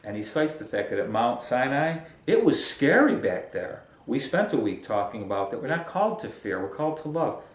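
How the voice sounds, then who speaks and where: A man's voice: mid-range voice, big pitch swings, moderate pace, few pauses, echoey room. A man preaching a casual, conversational sermon as pastor, joking and breaking into emphatic bursts.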